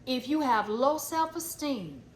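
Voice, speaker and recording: A spiritual coach delivers a blunt, emphatic pep talk, repeating phrases and cursing casually. Her voice is high, with big pitch swings and an unhurried pace. The recording has an echoey room and faint ambient noise.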